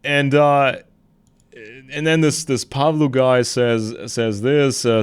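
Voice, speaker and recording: A man's voice: medium pitch, flat delivery, slow, smooth, dry recording. Man talking politics, dry close sound. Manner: conversational, retells a debate with quotes and asides. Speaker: podcast host. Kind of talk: casual political commentary.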